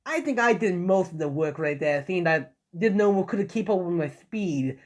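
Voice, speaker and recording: A man's voice: high voice, normal speed. A young man voicing a cocky, boastful male hedgehog hero in a fan story. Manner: boastful, excited.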